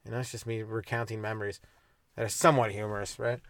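A man's voice: lowish voice, level tone, fast, fairly bright tone, no echo. Young man, from Canada, comedy podcast host, rambling solo rant, dry close sound. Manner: rambling, swears, acts out little scenes in mock voices.

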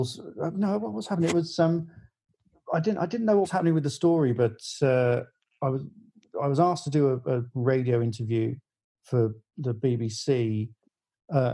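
A man's voice: mid-range voice, warm tone, low-quality recording. A middle-aged man, a music journalist, telling a long anecdote in casual podcast chat, full of fillers and restarts. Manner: rambling storyteller with many fillers and restarts.

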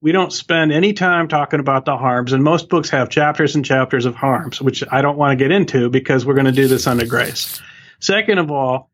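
A man's voice: mid-range voice, brisk, fairly bright tone. A man who is an author and guest on a podcast, explaining his points earnestly and steadily. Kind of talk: interview answers.

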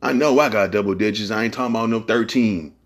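Talking fast in a lowish voice, a man from the San Francisco Bay Area hosts a podcast as a loose monologue. He's profane and rambling, full of streetwise slang.

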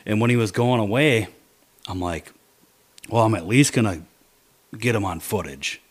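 A man telling a hunting story in casual chat, animated, dropping to low mutters to quote his own thoughts. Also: a little fast.

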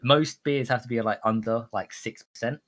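A man's voice: mid-range voice, normal speed, a bit bright. Chatty British man telling stories. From Britain. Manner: chatty, tells anecdotes with a laugh. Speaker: podcast guest. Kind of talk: casual chat.

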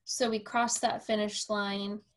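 A woman's voice: mid-range voice, measured pace. A woman hosting a podcast, a personal trainer telling a story casually, with lots of fillers and acted-out quotes. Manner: animated, acts out quoted dialogue, frequent fillers.

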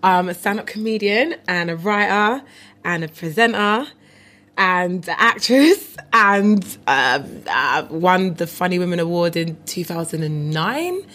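A woman's voice: on the low side, expressive, a little slow, fairly bright tone. A woman in her late twenties, a comedian guest in an interview, talking playfully and boasting about herself in jest. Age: 20s. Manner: playful, boastful self-mockery. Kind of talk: casual interview chat.

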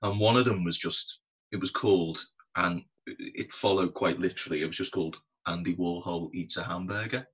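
A man's voice: deep voice, moderate pace, a bit bright, breathy edge. A man co-hosting a podcast, chatting casually with wry jokes. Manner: wry, joking asides. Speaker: podcast co-host. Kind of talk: casual chat. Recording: dull lo-fi podcast audio.

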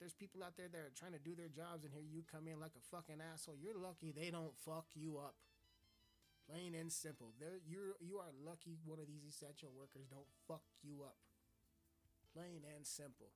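A man hosting a stream and delivering a crude, swearing, mock-offensive comedic rant. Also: fairly high pitch. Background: faint music.

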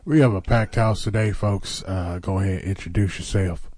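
A man's voice: low-pitched, fairly even intonation, moderate pace, a little mellow, breathy edge. A man hosting a casual podcast chat, joking around and hesitating with lots of fillers. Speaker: podcast host.

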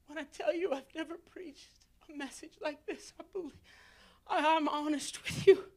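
A woman preacher giving an emotional altar-call sermon, swinging between tearful shouts and hushed whispers, recorded in a church. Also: high-pitched, moderate pace. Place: church sanctuary.

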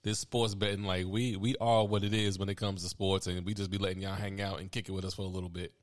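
A man co-hosting a casual sports podcast, talking in a relaxed slangy way and laughing often. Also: sits low, quick pace. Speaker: podcast co-host.

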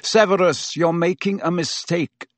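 Brief: male reader doing a quiet, earnest middle-aged man, husky and slow. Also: mid-range voice, animated, dry recording. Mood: urgent. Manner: urgent yet soft-spoken.

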